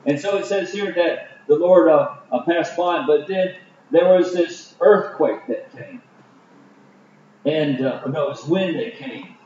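A man preaching a Bible study sermon, halting with many fillers and restarts. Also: a little high, dark tone, slight background noise. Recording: distant, roomy, dull lo-fi.

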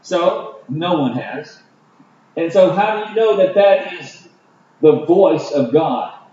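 A man's voice: fairly high pitch, lively intonation, mellow. Man preaching from far off in a roomy hall. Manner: halting, many fillers and restarts. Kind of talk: Bible study sermon. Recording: distant, roomy, dull lo-fi.

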